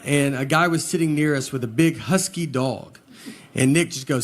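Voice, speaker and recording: A man doing a stand-up comedy set, telling stories in a deadpan, low-key manner. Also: moderate pace. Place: live venue with laughing audience. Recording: loud crowd laughter and noise.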